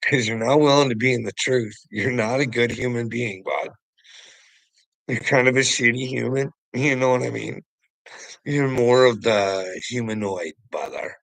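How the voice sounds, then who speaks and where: A man's voice: mid-range voice, normal speed, creaky, a bit bright, no room sound, rough recording. A man speaking straight to a viewer, profane and preachy, mocking him and laughing often. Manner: mocking, laughs often, calls listener bud and brother. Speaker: livestream host. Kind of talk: taunting monologue to a viewer.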